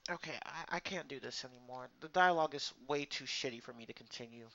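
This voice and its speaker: A man's voice: mid-range voice, fast, pushed and bright, highs cut off. A man streaming a video game live, grumbling bluntly and swearing at it as he plays. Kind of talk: casual live gameplay commentary. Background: game music playing.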